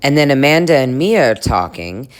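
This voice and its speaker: A woman's voice: a bass voice, very animated, moderate pace. A woman chatting casually through a reality TV recap, crude and laughing often, mimicking the people she talks about. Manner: chatty and crude, laughs a lot, puts on voices for cast members. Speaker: recap vlogger.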